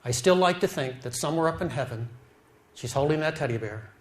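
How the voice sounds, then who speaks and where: A middle-aged man giving an emotional personal testimony, storytelling slowly and dropping quiet at the saddest moments. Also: on the high side, expressive. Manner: slow, heartfelt storytelling, drops quiet at sad moments. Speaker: speaker telling his life story.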